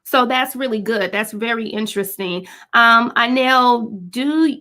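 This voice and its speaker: A woman hosting a faith-based talk show, speaking in an animated and expressive way. She is the mother of a young son. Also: a little high. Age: adult parent of a five-year-old. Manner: animated, expressive, quick to act out scenes.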